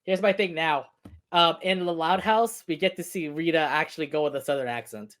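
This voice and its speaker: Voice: mid-range voice, brisk, fairly bright tone. Giggly casual stream co-host. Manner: chatty, laughs often between points. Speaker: co-host of a cartoon review stream. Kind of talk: casual review chat.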